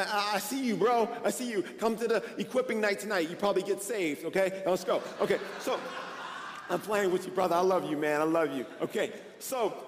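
A male pastor preaches with animated, conversational energy and a fairly high voice. His words ring out in a large church hall with a long reverb tail. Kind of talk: sermon. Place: church sanctuary.

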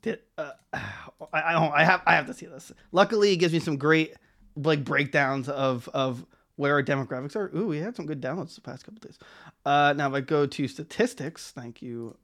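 A man's voice: a little high, moderate pace, fairly bright tone. A man co-hosting a podcast, chatting casually and rambling with many restarts and laughs. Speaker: podcast co-host.

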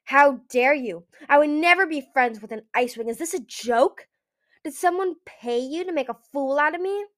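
A woman reading aloud who voices a big, hostile male dragon soldier with loud, snapping threats. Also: very high voice, animated, moderate pace, gravelly, exaggerated voice. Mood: furious.

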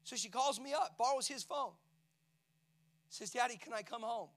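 A middle-aged man preaches with a high-pitched voice. He tells a personal story with heavy emotion, moving between quiet near-whispers and full shouts. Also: normal speed. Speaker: pastor. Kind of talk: sermon.

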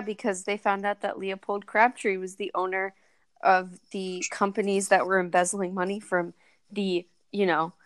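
A woman's voice: medium pitch, dry recording, low-quality recording. A woman co-hosting a podcast, recapping a movie plot in a sarcastic, mocking way. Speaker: podcast co-host.

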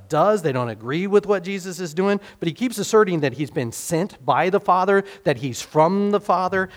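A man preaching a casual, conversational sermon, asking his listeners questions and acting out the people in the passage. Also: a little high. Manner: casual, talks to the congregation directly with rhetorical questions; acts out quoted speakers in dialogue.

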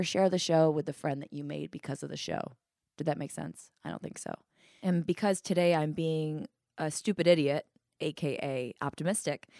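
A woman hosting a solo podcast, talking in a chatty, self-deprecating way with a sick, hoarse voice. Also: low voice, darkish tone, no echo, clean studio sound. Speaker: podcast host.

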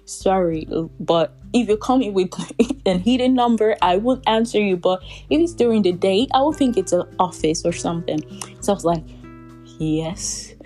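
A woman's voice: mid-range voice, expressive, normal speed, mellow, soft background music. A young woman vlogger telling a personal story in a casual, rambling way, full of "like" and little laughs. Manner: rambling, heavy use of "like", laughs between phrases.

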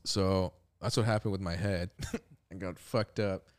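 A young man telling a long story in a casual podcast chat, relaxed, swearing and saying "like" often. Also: deep voice, measured pace, smooth. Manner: laid-back, swearing, heavy use of "like". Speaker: podcast co-host.

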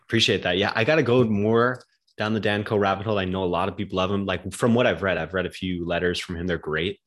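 Deep husky guy in his twenties, laid back, slangy, says like a lot. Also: quick pace. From United States, outside New York City. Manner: relaxed, slangy, lots of "like". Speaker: guest. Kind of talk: casual podcast chat.

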